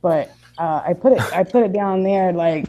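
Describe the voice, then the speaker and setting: A woman's voice: on the low side, normal speed, dark tone, low-quality recording. A woman on a stream, bluntly explaining a story in casual chat. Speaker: stream guest.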